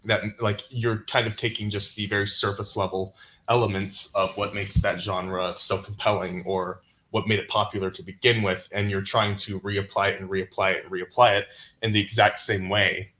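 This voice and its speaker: Low-voiced man, bright and rambling. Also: flat delivery, moderate pace. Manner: rambling, repeats himself while finding words. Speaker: guest. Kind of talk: casual discussion.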